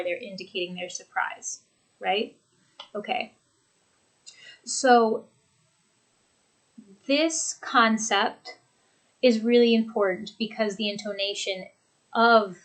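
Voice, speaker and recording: A woman teaching an English lesson from a home desk, speaking clearly and deliberately as she demonstrates intonation. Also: medium pitch, rough recording. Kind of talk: recorded lesson. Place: home office with a computer.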